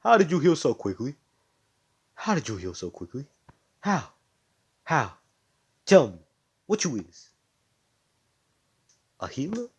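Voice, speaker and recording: A greedy, mocking villain, put on by a storytelling man, who jumps to a shrill, loud yelp when rattled. When he is in control he drops back to a smug, slow drawl. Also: sing-song, husky, full character voice. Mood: frantic, demanding. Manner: mocking, repetitive and demanding. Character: taunting, greedy male villain with a hunger for magic.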